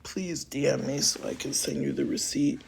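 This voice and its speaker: A man's voice: mid-range voice, fairly even intonation, moderate pace, creaky, breathy edge. A man livestreaming, saying rambling, heartfelt goodbyes to his viewers in a casual sign-off.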